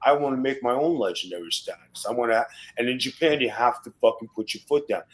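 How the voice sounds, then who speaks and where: A man's voice: mid-range voice, fast talker, poor audio. A middle-aged man, a former wrestler and podcast guest, telling blunt, profane tough-guy stories in casual talk. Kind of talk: casual storytelling interview.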